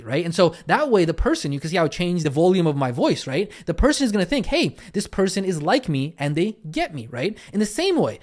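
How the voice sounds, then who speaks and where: A man's voice: high voice, sing-song, brisk, hardly any pauses, darkish tone. A man giving a recorded coaching lesson, explaining listening skills step by step and often checking in with the listener. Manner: repetitive teaching cadence, frequent "right?" and "okay?" check-ins. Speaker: coaching trainer.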